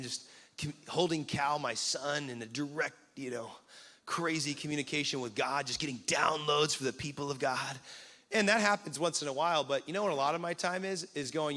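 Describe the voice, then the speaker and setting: Casual earnest male preacher, high voice. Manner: casual, earnest, builds to shouting excitement. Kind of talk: sermon.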